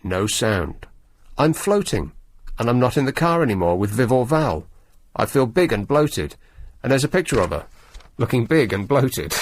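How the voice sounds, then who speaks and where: A man's voice: medium pitch, big pitch swings, normal speed, long pauses, husky, no echo. A male radio host in a studio, reading a newspaper story aloud with sarcastic, wry asides. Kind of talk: late-night radio talk, reading the paper aloud. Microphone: studio microphone.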